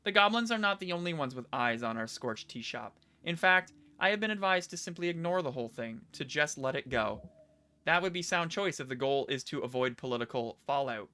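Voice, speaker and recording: A man's voice: a little high, expressive, a little fast, bright, forceful tone. A man reading a lecturing, scheming magistrate. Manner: smooth, lecturing, pressing. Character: scheming male city magistrate, imperious, tired. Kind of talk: reading game dialogue aloud.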